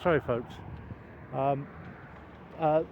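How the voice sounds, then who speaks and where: An older man vlogs a construction site as he walks downhill beside a road, rambling wryly with lots of fillers and restarts. His medium-pitched voice stays steady and he takes his time. The camera audio is dull, with traffic noise in the background.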